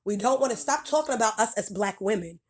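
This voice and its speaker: A woman's voice: mid-range voice, lively intonation, quick pace, slightly rough. A woman in a video reaction, ranting bluntly and profanely and hammering her points with repetition. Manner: blunt, profane, emphatic, repeats phrases. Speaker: video creator reacting to clips. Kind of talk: heated reaction rant.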